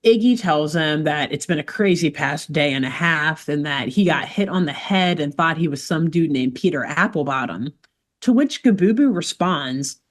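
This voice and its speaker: A woman hosting a casual podcast, walking her co-host through a cartoon episode scene by scene. She tells it in an animated way, tossing in playful asides as she goes. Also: low-pitched, moderate pace. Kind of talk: casual chat.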